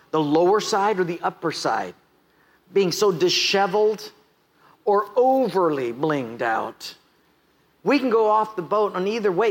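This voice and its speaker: An American man preaching a sermon, animated and joking, often asking the congregation questions. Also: sits high. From United States. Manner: animated, asks the crowd questions, jokes and laughs. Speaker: pastor.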